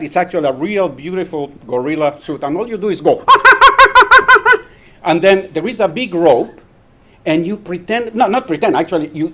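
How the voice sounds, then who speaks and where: A man's voice: on the high side, a little mellow, a little hiss or hum. A man giving a humorous speech at a club meeting. He tells his story with animation, laughs often and acts it out. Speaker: club speaker.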